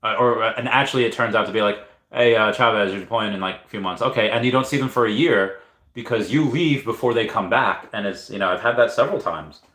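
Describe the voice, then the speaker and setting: A man's voice: on the low side, quick pace, a bit bright. Rambling, hesitant man on a livestream. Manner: hesitant, restarts often, reads chat aloud. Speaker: livestream host. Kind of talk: rambling casual livestream chat. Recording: echoey room.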